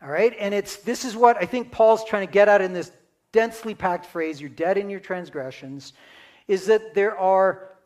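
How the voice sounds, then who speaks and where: A man's voice: sits high, normal speed, darkish tone. A man preaching a sermon in a conversational teaching manner, often checking in with his listeners. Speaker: pastor.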